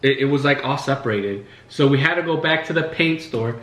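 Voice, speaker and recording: A man's voice: mid-range voice, animated, brisk, fairly bright tone. A man hosting a casual chat at home while eating, telling stories in a rambling way with lots of fillers. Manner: rambling, filler-heavy storytelling. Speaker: host. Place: living room at home. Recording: echoey room, faint music.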